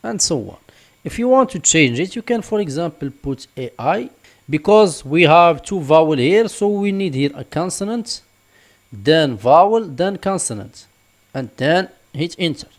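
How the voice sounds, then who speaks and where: Man, screen tutorial walkthrough, slightly high voice, repeats examples. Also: lively intonation, a little slow. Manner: explanatory, repeats "for example" and "just like this". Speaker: online tutorial instructor.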